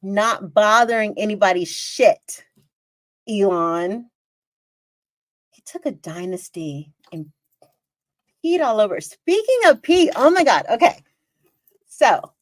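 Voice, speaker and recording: A woman's voice: mid-range voice, no echo. A woman hosting her own podcast, telling a story in a casual, chatty way with lots of exclamations. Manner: animated, chatty, exclaims and re-enacts scenes. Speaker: podcast host.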